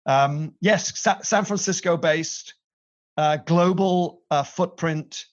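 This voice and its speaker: Gravelly British man, animated storyteller. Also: fairly high pitch, dull audio. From Britain. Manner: animated storyteller, playful asides. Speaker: company CEO, guest. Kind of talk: conversational interview.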